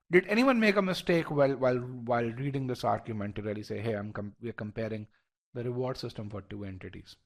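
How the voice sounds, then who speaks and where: Guy teaching a live online class, mid pitch, stops and restarts a lot, walks thru the logic step by step. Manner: animated, frequent restarts and fillers; talks through reasoning step by step, polling the class. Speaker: test prep instructor.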